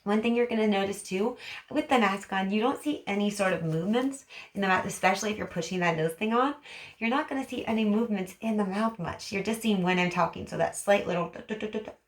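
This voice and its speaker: A woman speech therapist explaining to parents in an animated, demonstrative way, acting out emotions as she teaches. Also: mid-range voice, fast talker. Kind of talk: parent education vlog. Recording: roomy echo.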